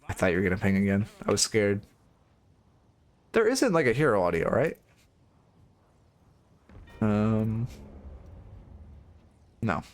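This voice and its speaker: Frank low-voiced man coaching a gamer. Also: sing-song. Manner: frank, swears casually, talks in quick restarts. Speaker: game coach. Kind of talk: casual live-stream coaching commentary.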